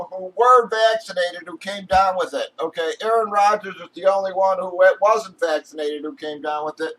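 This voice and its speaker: Male streamer, high-pitched, angry profane rambling, recorded off-mic at a distance. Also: normal speed, hardly any pauses, fairly bright tone. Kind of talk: casual rant to stream chat. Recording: voice from far off the mic.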